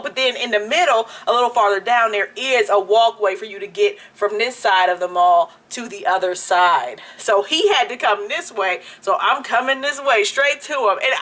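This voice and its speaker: A young woman vlogger telling a story-time anecdote in a casual, animated way, laughing often. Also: a little high. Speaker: beauty YouTuber.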